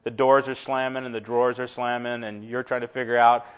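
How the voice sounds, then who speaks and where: A middle-aged man preacher giving a conversational sermon, humorous and animated, with many asides. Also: medium pitch, a little fast, clear, resonant tone, highs cut off.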